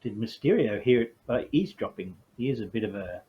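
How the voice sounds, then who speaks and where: A man's voice: fairly low pitch, animated, a little fast, husky. A man, narrating a tabletop game in a chatty, casual way. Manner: chatty, laughing between lines. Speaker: game master and player. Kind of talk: casual solo role-play narration. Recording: slightly dull, faint hiss.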